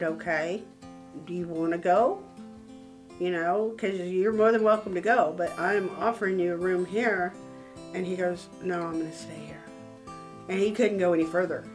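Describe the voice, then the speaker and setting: A woman in her sixties from Texas, a motel manager telling heartfelt stories in a casual interview. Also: on the low side. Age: 60s. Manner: emotional, heartfelt.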